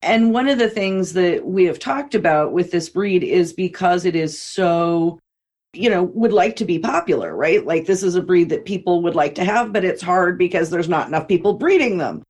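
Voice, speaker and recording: Low-voiced woman hosting a podcast. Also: expressive, moderate pace, a little mellow. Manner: frequent short affirmations, asks open questions. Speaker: podcast host. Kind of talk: interview chat.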